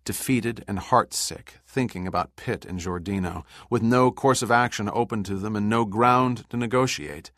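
Deep-voiced American man reading a thriller. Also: no echo, studio quality. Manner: measured, even reading with voiced characters. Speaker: audiobook narrator. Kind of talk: scripted thriller narration.

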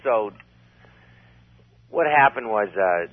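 A man's voice: on the low side, animated, takes it slowly. A man telling a long story in a casual, rambling way, full of restarts. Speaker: comedian guest. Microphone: phone. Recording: tinny phone line.

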